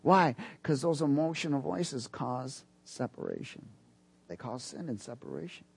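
A man preaching a sermon, animated and building to loud emphatic peaks, acting out quoted dialogue along the way. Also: mid-range voice, a little slow, gravelly, breathy edge. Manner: acts out quoted dialogue in other voices. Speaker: pastor.

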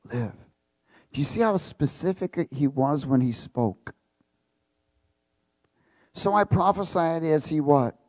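A man's voice: a little high, animated, takes it slowly, pauses often, a little mellow, no echo. A male preacher reading scripture aloud in a sermon, stopping often to quiz the congregation and repeating key words with emphasis. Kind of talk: sermon with call-and-response.

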